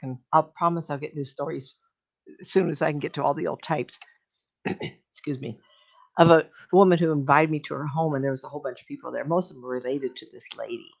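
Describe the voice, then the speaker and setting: An older woman, a medium, telling stories casually on a radio show in a chatty, animated way, often laughing. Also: low-pitched, vocal fry, muffled recording. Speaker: psychic medium guest.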